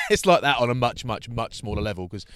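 A man's voice: mid-range voice, smooth, no room sound. Dry-voiced man telling a story. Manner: storytelling, animated, mimics people mid-anecdote. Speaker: podcast co-host. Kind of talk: casual chat.

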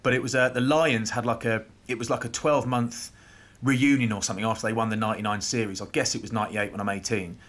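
A man in his forties, a former rugby player, tells animated stories in a casual podcast chat. He talks in a relaxed, joking way and laughs often. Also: mid-range voice, fast, hardly any pauses. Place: at a rugby stadium.

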